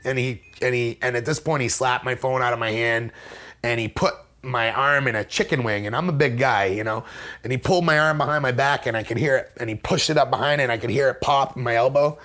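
A man's voice: medium pitch, quick pace, bright, forceful tone. Rambling, wry man telling a story. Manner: rambling, wry and self-mocking, with many fillers and restarts; acts out other people's lines in a raised voice. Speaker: interview guest. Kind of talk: casual conversational storytelling.

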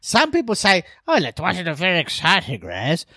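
A man hosting a casual sweary chat, excitable and bantering. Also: sits high, normal speed, no echo, studio quality. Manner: excitable, sweary, banters and does mocking voices. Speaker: podcast host.

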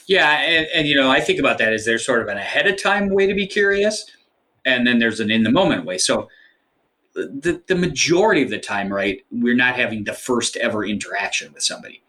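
A man's voice: medium pitch, sing-song, a little fast, bright, forceful tone. A man as an author guest in an interview, explaining ideas thoughtfully with frequent fillers. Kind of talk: interview conversation.

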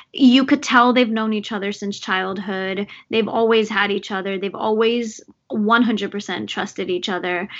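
Bright, animated young woman chatting. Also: on the high side. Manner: animated, lots of fillers and laughter. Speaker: co-host discussing a movie. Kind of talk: casual chat. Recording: dull lo-fi sound.

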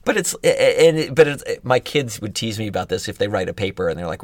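A middle-aged man co-hosting a podcast, talking things through in a thoughtful, halting way with many restarts. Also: on the low side, lively intonation, no room sound. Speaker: podcast co-host. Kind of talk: casual chat.

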